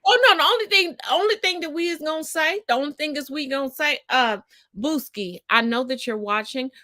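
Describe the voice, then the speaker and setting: A brash woman in her forties with a high, bright voice that leaps all over the place. She teases and curses through loose live-stream banter. The sound is dry and close. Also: brisk, dry recording. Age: 40s. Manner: brash, profane and teasing, swoops up loud when excited. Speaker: co-host.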